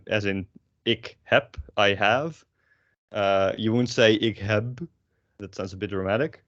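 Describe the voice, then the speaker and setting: A young Dutch man with a Dutch accent, teaching pronunciation in a relaxed, rambling way with casual swearing and lots of fillers. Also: fairly low pitch, dry recording, highs cut off. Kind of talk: casual language lesson.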